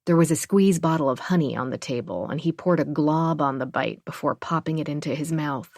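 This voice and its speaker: Low-voiced woman narrator, gravelly, close dry sound, first-person thriller reading. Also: brisk, few pauses, darkish tone, no room sound. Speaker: audiobook narrator.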